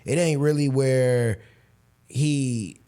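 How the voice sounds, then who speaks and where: Male host, 30s, animated storyteller in casual interview. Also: mid-range voice, drawn-out words. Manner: animated storytelling, acts out quoted voices. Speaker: podcast host.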